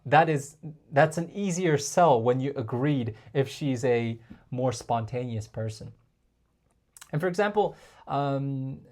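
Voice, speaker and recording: A man coaching male viewers on dating in a casual, chatty talk to camera, often calling them guys and filling pauses with like and um. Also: on the high side, a little mellow. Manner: chatty, addresses viewers as guys, frequent fillers.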